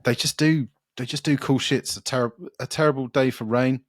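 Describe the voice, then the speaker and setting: A man rambles happily through a casual podcast chat about records, swearing freely and trailing off into fillers. His voice sits at a middling pitch and is recorded dry and close, with no room sound around it. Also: steady tone, brisk, dry recording. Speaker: podcast co-host.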